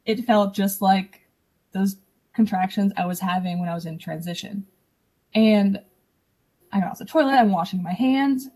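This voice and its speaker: Breathy young woman telling her story. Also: mid-range voice, normal speed, long pauses. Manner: animated, acts out quoted dialogue. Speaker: podcast guest. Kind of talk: casual personal storytelling.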